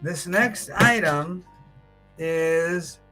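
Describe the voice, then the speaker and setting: A man's voice: a little high, very slow, music in the background, low-quality recording. An older man hosting a live coin auction stream, joking and chuckling between bids. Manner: joking, chuckling, teasing asides. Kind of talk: casual live auction patter.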